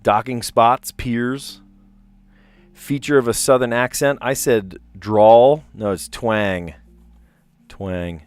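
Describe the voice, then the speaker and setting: A man's voice: medium pitch, steady tone, takes it slowly, clear, resonant tone, dry recording. A man hosting a casual livestream, reading puzzle clues aloud and drifting into chatty, amused asides. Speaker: livestream host solving word puzzles.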